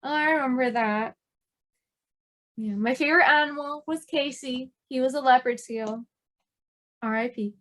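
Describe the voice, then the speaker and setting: A woman from the United States co-hosting a podcast in casual chat, relaxed as she reads out listener questions. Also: high-pitched, normal speed, long pauses. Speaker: podcast co-host.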